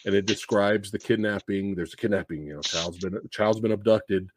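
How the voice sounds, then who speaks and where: A man's voice: lowish voice, fairly even intonation, moderate pace, noisy background. A man hosting a podcast, chatting casually about movies and ranting with exasperation and profanity. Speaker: podcast host.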